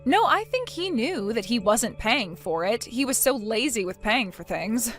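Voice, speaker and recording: A woman voicing a defiant daughter-in-law in a text-message story, sarcastic and mocking, with soft music behind. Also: fairly high pitch, very animated, unhurried. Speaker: narrator of the story.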